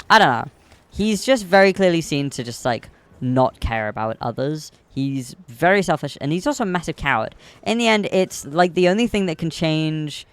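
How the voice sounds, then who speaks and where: A young man streaming, casually retelling a film in a rambling, animated way full of ums. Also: medium pitch, clear, resonant tone, no echo. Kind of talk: casual chat.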